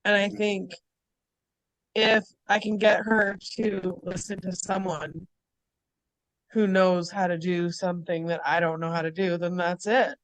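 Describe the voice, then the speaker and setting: A mother speaking on a video call in an online support group. She talks haltingly and with emotion, pausing partway through her thoughts. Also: lowish voice, level tone, dry recording, poor audio.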